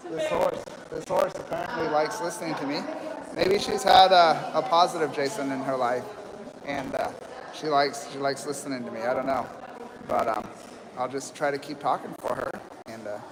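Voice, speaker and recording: A man hosting a live stream at a horse rescue, talking calmly and rambling with many fillers, recorded outdoors among people. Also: on the high side, normal speed, in a large hall, crowd noise, rough recording. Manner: calm, rambling, soft-spoken with fillers. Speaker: livestream host at horse rescue. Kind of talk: live commentary.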